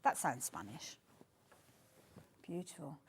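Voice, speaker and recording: On a live TV shopping channel, a woman shows off fabrics in a low, slightly rough voice that is animated yet slow. She chats and gushes from the studio, praising every design and repeatedly calling them beautiful.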